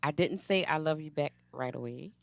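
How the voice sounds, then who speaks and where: A woman's voice: low voice, moderate pace, vocal fry, no echo. A woman with a New Orleans accent, chatting casually on a panel and telling a story with frequent laughter. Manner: laughs often, tells stories animatedly. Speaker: guest panelist, podcaster.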